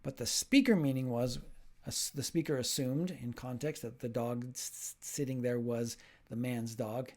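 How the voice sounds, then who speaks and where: A man's voice: medium pitch, normal speed, a little mellow. A man speaking as a linguistics professor in a recorded video lecture, explaining ideas step by step and acting out short example dialogues.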